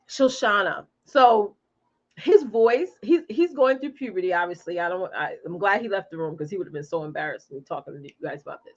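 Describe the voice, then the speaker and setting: A woman's voice: mid-range voice, fairly quick, dull audio. A woman in her forties chatting casually from home, reading out viewer comments and talking straight to them. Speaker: live stream host. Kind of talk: casual chat with live viewers.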